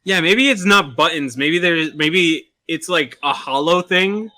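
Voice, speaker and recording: A man's voice: on the high side, unhurried, sharp tone, dry recording, studio quality. A man on a podcast speaking bluntly and insistently, with some cursing. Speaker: podcast co-host. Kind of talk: casual podcast chat.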